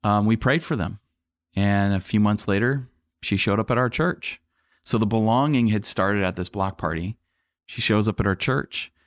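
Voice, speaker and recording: A man's voice: fairly low pitch, moderate pace, no room sound, studio quality. A man who is a pastor, telling stories from his church work in an earnest, conversational way, often restarting his sentences. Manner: earnest, animated storyteller with frequent restarts and fillers. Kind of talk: conversational storytelling interview.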